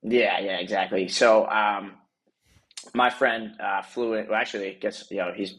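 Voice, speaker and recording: A young man with a husky, slightly low voice co-hosts a casual podcast. He rambles through a story, corrects himself often and laughs at his own embarrassment. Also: steady tone, moderate pace, a bit bright, rough recording. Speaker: podcast co-host.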